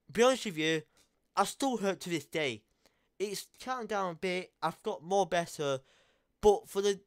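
A man's voice: on the high side, fairly bright tone, clear, resonant tone. A young man, talking straight to camera in a heated, blunt rant full of swearing and repeated phrases. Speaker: vlogger. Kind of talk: angry confessional rant to camera.

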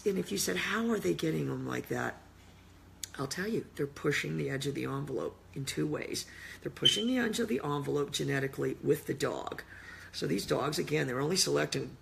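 Gravelly, boastful Midwestern man. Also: a little hiss or hum. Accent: Midwestern American. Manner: boastful and blunt, swinging from low muttering to loud bursts. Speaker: dog trainer. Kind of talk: unscripted monologue.

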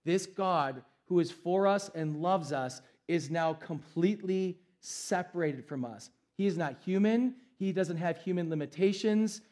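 A man's voice: sits high, measured pace, few pauses, a little mellow. A young adult man, a pastor preaching a sermon in an emphatic, conversational way.

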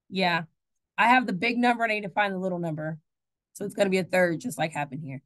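A woman's voice: lowish voice, fairly quick, long pauses. A woman teaching a math class in a classroom, chatty, asking the students questions and correcting her own slips.

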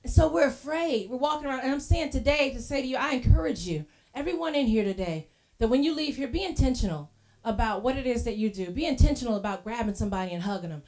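A woman preaching a sermon in a church, telling lively casual stories and acting out what people said. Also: on the high side, fast. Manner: lively storytelling, acting out quoted voices; casual colloquial phrasing.

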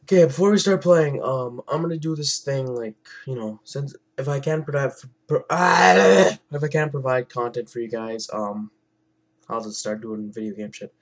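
A man's voice: medium pitch, normal speed. A young man giving casual gameplay commentary as host of his own channel, rambling, swearing often and trailing off into mumbles.

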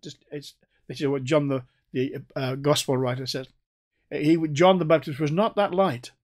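An older male preacher delivers a Bible teaching, his voice sitting a little high for a man. He talks steadily and slows down to give weight to the words he wants to stress. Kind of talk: sermon.

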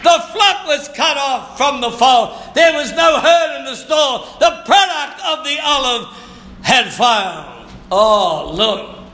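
High, bright-voiced preaching man. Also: expressive, slow pace, roomy sound. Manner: fervent preaching, repeats phrases, bursts into shouts and snatches of song. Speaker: pastor. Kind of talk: sermon.

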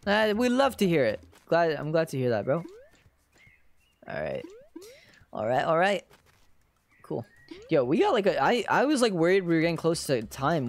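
An excitable streamer giving casual gameplay commentary and joking at the screen. The pitch swings widely. Faint game music sits in the background.

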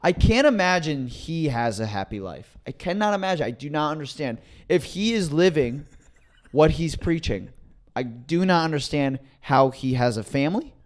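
A man's voice: fairly high pitch, animated, moderate pace. A man co-hosting a comedy podcast in casual chat, dry and sarcastic. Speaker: podcast co-host.

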